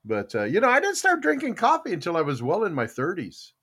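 Chatty, bright-voiced older man. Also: sits high, wildly swooping pitch, brisk, slightly rough. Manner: rambling storyteller, many restarts and fillers; chuckles often. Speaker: podcast host. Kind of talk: casual podcast chat with live chatroom.

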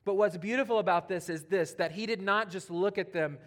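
Animated high-voiced male preacher. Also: brisk. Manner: animated, swinging from loud emphatic preaching to quiet near-whispers; conversational, with casual asides and playful quoted voices. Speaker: pastor. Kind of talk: sermon.

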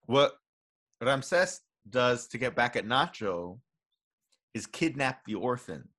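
A man's voice: medium pitch, very animated, takes it slowly, sharp tone. A young man co-hosting a podcast, chatting casually and rambling through a made-up story. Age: young adult. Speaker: podcast co-host. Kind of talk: casual chat.

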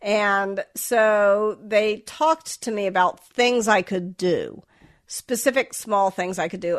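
A woman's voice: mid-range voice, fairly bright tone. A middle-aged woman from the American South, without a Southern accent, speaking as an interview guest in a reflective, self-deprecating way with frequent restarts. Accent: General American, Southern accent dropped. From Southern United States. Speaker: author and guest. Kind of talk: candid interview talk.

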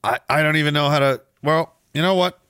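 Brief: male stream host, sarcastic rant, bright and fairly high voice, dry sound. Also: brisk, smooth, no room sound. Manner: sarcastic, mocking, rambling. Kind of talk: ranting live-stream commentary.

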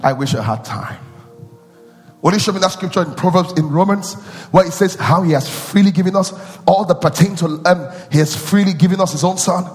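High-voiced preacher in an echoing hall. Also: male voice, a little fast. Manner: call-and-response preaching, swinging from loud chanting to low intimate asides. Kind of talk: sermon. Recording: long hall reverb with faint music.

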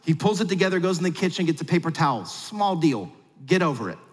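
A man preaching a sermon, telling a family story with jokes and big swings between quiet and loud. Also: fast, husky. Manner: animated storyteller with big swings in pitch and loudness; humorous asides. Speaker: pastor. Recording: long hall reverb.

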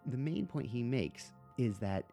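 A man's voice: medium pitch, animated, a little slow, gravelly, dark tone, soft background music. A man hosting a podcast, chatting casually about a book and rambling through his points with lots of fillers and restarts. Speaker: podcast host.

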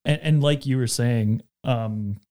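A man's voice: mid-range voice, takes it slowly, mellow. A man in a casual group chat, speaking hesitantly and searching for his words.

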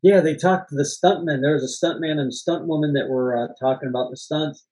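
Poor audio captures a fairly high-pitched man speaking briskly in a darkish tone. He co-hosts a laid-back movie podcast, rambling through behind-the-scenes stories while laughing often and swearing from time to time.

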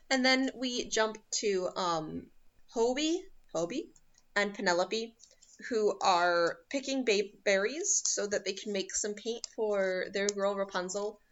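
A young woman co-hosting a podcast, recapping a film's plot in a casual, storytelling way with deadpan asides. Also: medium pitch, slow. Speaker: podcast co-host. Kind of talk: casual chat recapping a film. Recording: dull lo-fi recording.

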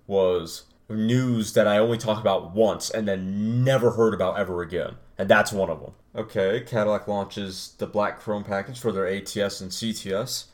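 A man's voice: on the low side, a little mellow. A young man hosting his own podcast, talking casually and rambling as he reacts to his old first episode. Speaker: podcast host. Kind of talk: casual solo podcast talk.

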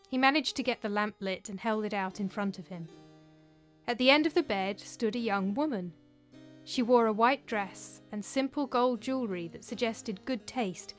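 A woman narrating a story in a measured, even-paced reading voice. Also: fairly high pitch.

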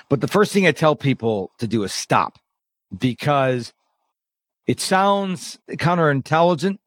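A middle-aged man who coaches people on overwhelm, talking casually as a podcast guest and acting out quotes in lively voices. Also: mid-range voice, dry recording, studio quality. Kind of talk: casual interview talk.

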